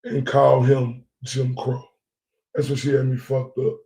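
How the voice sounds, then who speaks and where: A Dallas-area man vlogs an angry monologue to his followers from an echoey room, heated and profane, repeating himself and asking "right?". His medium-pitched voice is creaky and warm in tone, with a completely flat delivery at a slightly slow pace.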